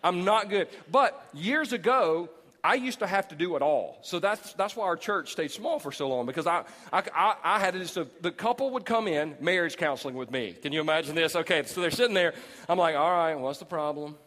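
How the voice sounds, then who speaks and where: A man in his forties preaching a sermon as pastor, animated and jokey, acting out people he talks about. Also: high-pitched, brisk. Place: large church auditorium. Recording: long hall reverb.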